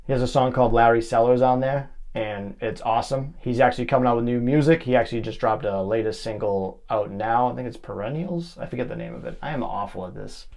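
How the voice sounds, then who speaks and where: A man's voice: medium pitch, vocal fry, darkish tone. A young man hosting a podcast on his own, telling casual stories in a rambling way with plenty of "like" and fillers. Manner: rambling, filler-heavy, lots of "like". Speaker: podcast host. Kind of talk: casual solo storytelling.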